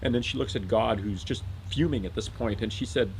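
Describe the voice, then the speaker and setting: A man casually retelling a story with lots of fillers and a deadpan, rambling manner. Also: on the low side, a little fast, few pauses, slight background noise, rough recording. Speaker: comedic storyteller.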